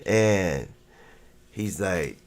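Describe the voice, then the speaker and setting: A man's voice: low-pitched, drawn-out words. A man hosting a livestream, telling a story in a casual, rambling way, full of swearing and "you know what I'm saying". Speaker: livestream host.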